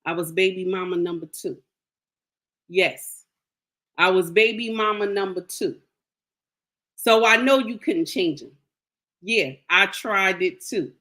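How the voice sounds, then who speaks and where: A woman's voice: mid-range voice, takes it slowly, pauses often, bright, forceful tone. A woman giving blunt, emphatic relationship advice straight to camera, scolding and repeating her points for weight. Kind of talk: direct-to-camera advice monologue.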